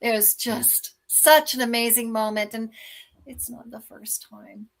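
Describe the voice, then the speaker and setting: A woman author and life coach, a guest on a talk show, telling personal stories in a lively way and acting out the dialogue. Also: fairly high pitch, measured pace, gravelly. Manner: animated, acts out dialogue in anecdotes. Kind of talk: conversational storytelling.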